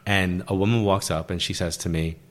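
Deep-voiced New man telling stories. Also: fairly quick. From New York. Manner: animated, acts out the people in his stories. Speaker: guest, stage medium. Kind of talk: conversational storytelling.

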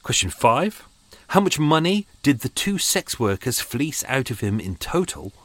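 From a small home room on a boat, a man hosts a podcast with a mid-range, sing-song voice that's a bit bright and a little slow. He rambles casually to listeners with self-mocking asides, and there's no room sound.

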